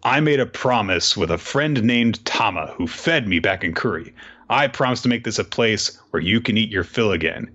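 A man's voice: on the low side, lively intonation, normal speed, a bit bright, husky, muffled recording. A man voicing a defiant young male pirate captain who gives rousing speeches. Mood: resolute.

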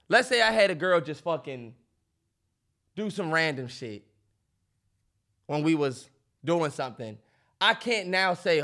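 A man's voice: fairly high pitch, sharp tone. A man co-hosting a podcast, arguing emphatically and exasperated in heated debate, losing his voice. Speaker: podcast co-host.

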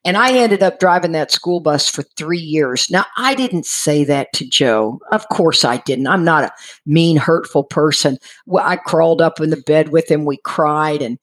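A woman's voice: low-pitched, moderate pace. A middle-aged woman telling a personal story casually, acting out what people said and laughing as she goes. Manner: lively, laughing, acts out quoted voices. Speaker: storyteller sharing her recovery story.

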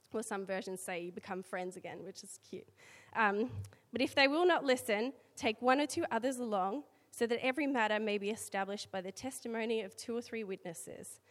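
A woman's voice: on the high side, normal speed, a bit bright. A woman with an Australian accent giving a conversational sermon, reading scripture with chatty asides. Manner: chatty asides, filler words between readings. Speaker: church speaker. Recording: long hall reverb.

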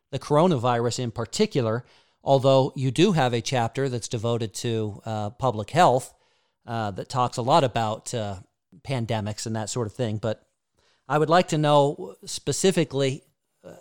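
Smooth-voiced male host, hesitant. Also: medium pitch. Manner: hesitant, many ums and uhs. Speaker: interview host. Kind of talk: casual interview.

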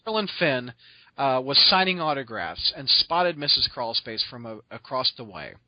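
A man hosting a podcast, telling stories in an excitable, rambling way full of restarts and laughs. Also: medium pitch, normal speed, dry recording, muffled recording. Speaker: podcast host. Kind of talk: casual storytelling chat.

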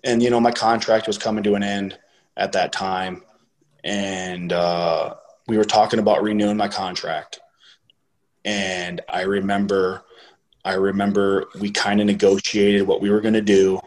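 A middle-aged man casually telling a story, swearing freely and getting animated when he quotes other people. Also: on the low side, measured pace, low-quality recording.

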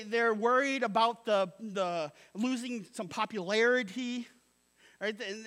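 A man's voice: extremely high pitch, a bit bright. A male pastor preaching a sermon in an emphatic, casual way, repeating phrases and tagging lines with "right?". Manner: casual, slangy asides.

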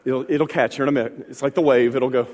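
A man preaching a sermon as pastor, calling for responses from the congregation and building to shouts. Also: mid-range voice, fairly even intonation, fast talker, in a large hall. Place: church.

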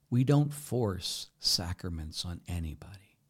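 A middle-aged Catholic priest preaching during a Q&A, emphatic, often asking rhetorical questions and swinging between loud and soft. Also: male voice, deep voice, animated, measured pace, slightly rough.

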